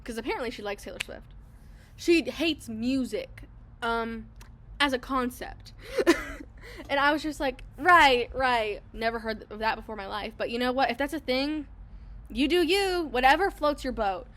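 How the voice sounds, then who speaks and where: Young woman podcaster rambling through a story, does little voices for people, kinda high voice, filming out in public. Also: normal speed. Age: young adult. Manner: animated, acts out other people's lines in quotes. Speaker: podcast host. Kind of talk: casual storytelling chat. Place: public place.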